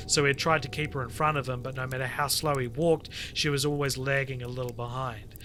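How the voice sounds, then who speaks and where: A man on a podcast reading a creepy internet story aloud to friends, lively and full of swearing. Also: medium pitch. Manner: animated storyteller, swears freely, breaks off to chat. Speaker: podcast co-host reading stories.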